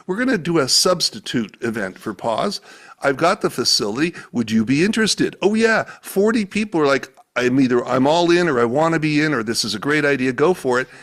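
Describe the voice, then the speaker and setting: A man's voice: a little high, fairly bright tone. A man telling a story in casual conversation, acting out the dialogue he quotes, speaking over a video call. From United States. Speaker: guest, event organizer. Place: home, remote call.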